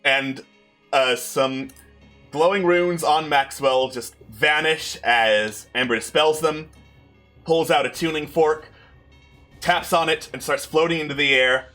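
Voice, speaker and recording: A man runs a tabletop game as game master, narrating with a playful, lively touch. His voice is bright and forceful. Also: a little high, slow pace, soft background music.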